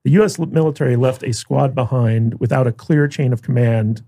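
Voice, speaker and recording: A man's voice: medium pitch, normal speed, mellow, husky, no echo. A man co-hosting a podcast, chatting casually and rambling through his points with fillers and restarts. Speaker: podcast co-host. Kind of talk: casual chat about a TV series.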